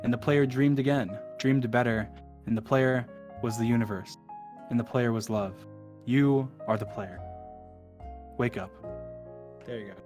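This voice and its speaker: A man's voice: medium pitch, steady tone, moderate pace. A man streaming to a voice call, reading a long text aloud in a rush and breaking off for joking asides. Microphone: computer mic in a voice call. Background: soft added music.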